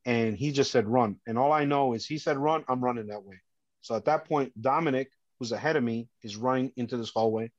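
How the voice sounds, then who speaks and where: New man, middle-aged, earnest storyteller, mid pitch, dry slightly muffled audio. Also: a little fast, dry recording. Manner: earnest and animated, acting out dialogue with fillers. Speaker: podcast guest. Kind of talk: emotional personal storytelling.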